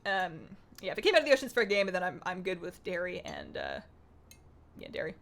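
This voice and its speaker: A woman's voice: lowish voice, huge pitch swings, fast, creaky, fairly bright tone. A young woman livestreaming a game, chatting casually and answering viewers in a bubbly, rambling way. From Greek heritage. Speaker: streamer. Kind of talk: casual livestream chat, reading chat aloud.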